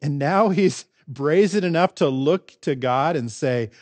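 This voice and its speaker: Earnest pastor with a higher voice. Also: male voice, lively intonation, unhurried, darkish tone, no echo. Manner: earnest, asks many rhetorical questions. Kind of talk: sermon.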